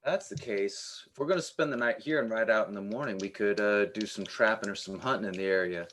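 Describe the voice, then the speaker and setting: A man's voice: fairly low pitch, fairly quick, a bit bright, slight background noise. A man playing a tabletop game, talking in a practical matter-of-fact way. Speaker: player. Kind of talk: casual tabletop play.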